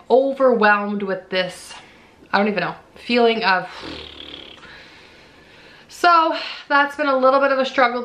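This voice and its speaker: A woman's voice: mid-range voice, fairly bright tone. A woman in her thirties giving a candid, chatty pregnancy update from home, filmed on her own camera. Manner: chatty and candid, frequent "like" and "you know". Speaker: vlogger. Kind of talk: casual pregnancy update vlog. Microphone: camera mic.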